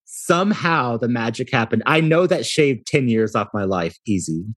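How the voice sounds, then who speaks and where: Breathy-voiced man telling stories. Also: mid-range voice, normal speed. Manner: animated, self-deprecating, laughs often. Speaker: hotel company founder, guest. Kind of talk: casual interview storytelling.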